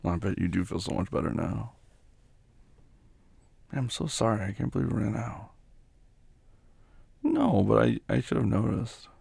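A young man in a whispered role-play as a caring boyfriend, speaking softly and tenderly, with quiet laughs and murmured hums. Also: on the low side, big pitch swings, normal speed, vocal fry, pauses often, slightly rough, no echo.

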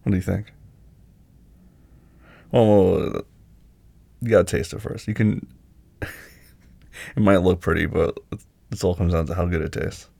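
Gravelly husky man in boyfriend role-play. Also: low voice, steady tone, measured pace, long pauses, no echo. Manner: gentle, teasing and affectionate, laughs often.

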